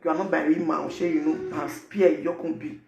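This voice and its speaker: A man speaking Nigerian Pidgin English, giving animated, preachy advice to his viewers in a casual vlog. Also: on the high side, a little fast, vocal fry, echoey room, slight background noise. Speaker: vlogger.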